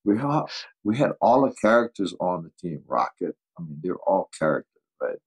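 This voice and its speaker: An older man, a football coach, telling lively anecdotes in a casual interview, laughing often and acting out what others said. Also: deep voice, moderate pace, breathy edge, low-quality recording. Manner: animated anecdotes, acts out quoted voices, laughs often.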